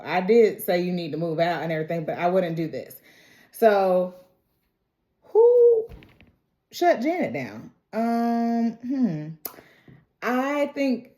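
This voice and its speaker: A woman's voice: on the low side, mellow. A young woman, chatting casually about a TV episode. She often acts out what the characters said. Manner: chatty, acts out quotes, says y'all. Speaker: TV review vlogger. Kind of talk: casual recap chat. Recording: echoey room.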